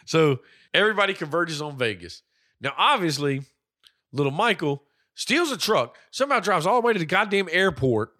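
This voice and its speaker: A man with a fairly high, bright and forceful voice, riffing loosely on a movie with a friend. He swears freely, laughs a lot and slips into mock voices for the characters. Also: very animated, moderate pace. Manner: profane, joking, laughs often, acts out silly voices. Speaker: podcast co-host. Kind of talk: casual movie riff chat.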